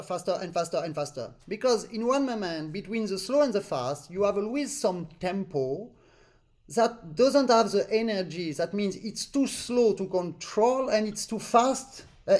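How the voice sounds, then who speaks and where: Man, accordion teacher, high voice, non-native English, sings syllables to demonstrate, video call. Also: darkish tone. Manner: explains with sung syllables to demonstrate phrasing. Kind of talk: live online master class.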